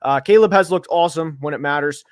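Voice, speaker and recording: Football podcast guy, kinda high voice, gets worked up, dry close mic. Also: fast, no room sound. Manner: animated, gets worked up, many fillers. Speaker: podcast co-host. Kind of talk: casual sports podcast analysis. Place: seated at home studio.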